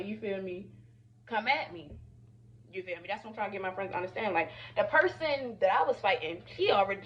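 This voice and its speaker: A young woman vlogger telling a storytime while doing her makeup, animated and chatty, often saying "y'all" and "you feel me". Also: medium pitch, highs cut off.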